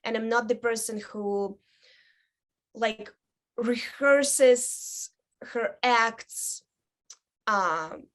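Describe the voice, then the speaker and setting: A woman in her thirties, a burlesque dancer chatting as a guest, telling stories with many ums and likes and lively quoted voices. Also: fairly high pitch, very slow, long pauses. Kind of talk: casual interview chat.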